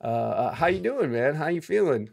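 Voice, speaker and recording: A man from Ohio hosting a casual live-stream interview, talking fast and rambling with lots of fillers. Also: fairly high pitch, very animated, creaky, darkish tone. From Ohio, United States. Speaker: podcast host.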